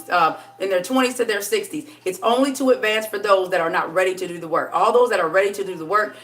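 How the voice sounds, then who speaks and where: A woman coaching on dating in a casual live stream, chatty and sassy, laughing often and dipping into a low voice for effect. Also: a bit bright, recorded from a distance.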